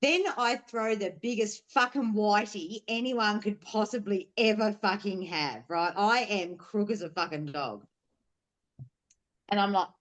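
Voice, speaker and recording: A woman's voice: medium pitch, measured pace. A woman on a podcast, telling a personal story candidly, swearing freely and rambling with fillers. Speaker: podcast guest.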